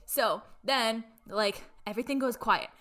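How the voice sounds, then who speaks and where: A young woman co-hosting a podcast speaks a little slowly in a somewhat high, fairly bright voice. She retells a film's plot in a chatty way, full of fillers, acting out the characters' lines.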